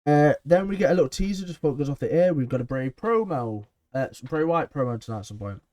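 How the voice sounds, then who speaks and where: A man's voice: fairly high pitch, animated, fast, darkish tone. A man recapping a wrestling episode in a chatty, enthusiastic way, with frequent ums. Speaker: wrestling show reviewer.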